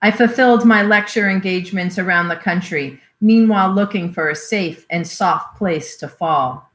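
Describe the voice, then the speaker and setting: A woman reading a memoir aloud in a measured storytelling way. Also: fairly low pitch. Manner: measured storytelling with voiced quotes. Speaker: reader. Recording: roomy echoey recording.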